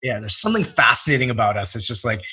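Animated, husky-voiced man chatting casually. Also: mid-range voice, fast talker. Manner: animated storyteller, acts out quoted voices, swears freely. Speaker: podcast host. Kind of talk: casual conversation.

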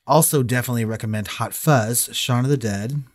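A man's voice: medium pitch, a little fast. A man co-hosting a podcast in casual chat, joking, swearing freely and laughing often. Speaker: podcast co-host.

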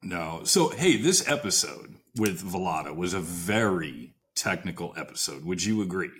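A man hosting a podcast in a relaxed, teasing way. His voice sits a little low. The talk is loose and casual. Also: normal speed. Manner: easygoing, teasing. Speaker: host.

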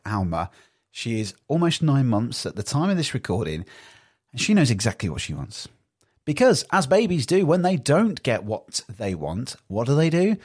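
A man, hosting a podcast in a chatty, animated way. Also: medium pitch, slightly rough. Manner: chatty and animated, acts out little quoted exchanges. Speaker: podcast host. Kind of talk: casual solo podcast talk.

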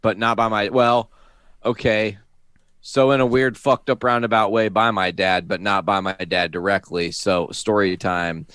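A man with a mid-pitched voice in casual chat, swearing freely as he tells a story. He acts out the people in it, jumping high when he plays his panicked younger self. The sound is dry and close. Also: little pitch movement, unhurried, fairly bright tone, clean tone, no room sound.

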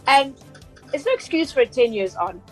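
Give me a chatty South African woman explaining consumer rights on the radio, her voice on the high side. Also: very animated, moderate pace, breathy edge, faint music behind, poor audio. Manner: chatty and explanatory, with frequent fillers and restarts. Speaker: consumer journalist on a radio show. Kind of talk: radio talk segment.

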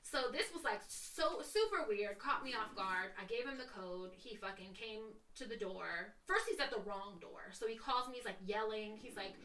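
A woman's voice: medium pitch, animated, normal speed, hardly any pauses, sharp tone, slight background noise. A woman, a podcast co-host telling a story in casual, profane chat and acting out the dialogue.

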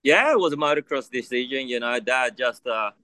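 A man's voice: medium pitch, animated, fairly quick, pushed and bright, smooth, no room sound. A middle-aged Japanese man with an Australian accent, chatting loosely in an interview and filling gaps with lots of "you know". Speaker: motocross test rider. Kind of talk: casual interview chat.

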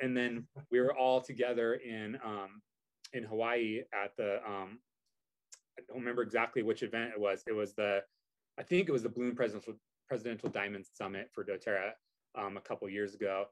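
A man's voice: on the low side, steady tone, a little fast. A man telling a story in casual chat, rambling with many fillers and restarts. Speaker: guest.

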